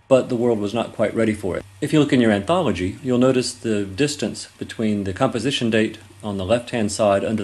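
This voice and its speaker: A man giving a literature lecture, speaking in a measured way with frequent ums and restarts, and reading verse aloud with raised emphasis. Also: lowish voice, a little mellow. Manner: reads poetry aloud with raised, emphatic delivery. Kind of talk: recorded lecture.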